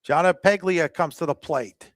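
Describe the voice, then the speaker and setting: A man doing live softball play-by-play commentary, chatty between pitches and rising in excitement on the plays. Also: moderate pace, no echo, studio quality.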